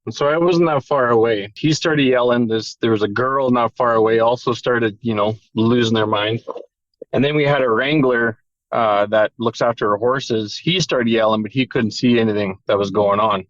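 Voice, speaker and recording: A man's voice: mid-range voice, moderate pace, dry recording, dull audio. A man telling an emotional personal story in a candid, casual way, with the odd swear word. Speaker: podcast guest.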